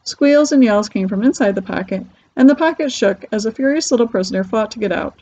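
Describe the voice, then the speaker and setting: Husky woman reading a children's book. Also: on the high side, animated, a little fast, mellow. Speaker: reader. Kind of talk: reading a children's novel aloud. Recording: dull lo-fi recording.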